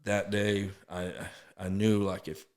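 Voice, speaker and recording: A man, a podcast guest telling his story in an earnest, halting way, often restarting and acting out quotes. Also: lowish voice, flat delivery, darkish tone. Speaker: podcast guest, sober living founder. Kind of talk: casual storytelling interview.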